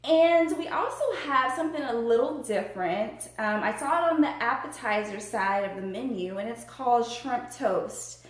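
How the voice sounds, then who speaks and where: A woman hosting a casual eating vlog who talks in a bubbly, excited way between bites. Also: fairly high pitch, normal speed, few pauses. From Tampa, Florida area. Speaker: mukbang vlogger. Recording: echoey room.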